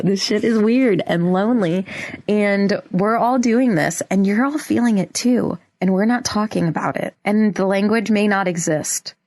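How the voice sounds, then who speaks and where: A young woman hosting a solo podcast, talking in a casual, earnest and emotional way, often restarting her sentences, in a quiet room. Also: fairly low pitch. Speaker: podcast host.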